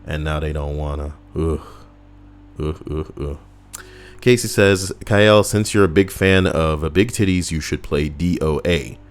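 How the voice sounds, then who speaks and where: A man's voice: extremely low pitch, measured pace. A man giving casual, crude and rambling gameplay commentary, reading out a list while he plays and cracking jokes. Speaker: gaming YouTuber. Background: faint background music.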